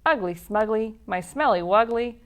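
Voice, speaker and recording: A woman voicing a flattering magic mirror in a storybook reading, with a sing-song delivery. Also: a little high, moderate pace, close to an everyday voice.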